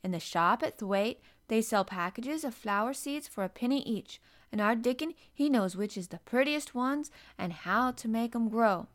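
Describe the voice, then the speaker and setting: A woman's voice: a little high, expressive, moderate pace, hardly any pauses, pitched above the performer's own voice, natural voice. A woman voicing a blunt, cheerful young housemaid with a broad Yorkshire accent, talking in hearty dialect.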